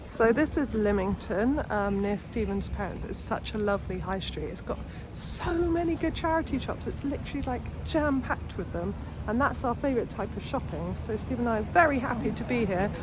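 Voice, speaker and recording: A woman, chatting casually to camera on a busy high street in a bubbly, chatty way. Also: lively intonation, moderate pace. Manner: chatty, bubbly, self-reassuring. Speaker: vlogger. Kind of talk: casual vlog talk to camera. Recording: outdoor street with crowd and traffic noise.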